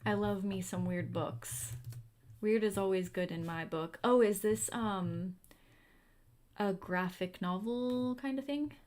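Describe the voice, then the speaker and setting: A woman's voice: medium pitch, slow pace, darkish tone. A young woman hosting a livestream in a casual, chatty way, answering viewer comments as she goes. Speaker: livestream host. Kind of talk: casual chat.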